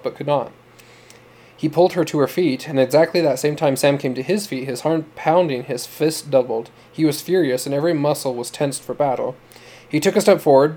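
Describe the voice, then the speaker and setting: A man narrating a story in a steady, measured reading for an audiobook podcast. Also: a little high.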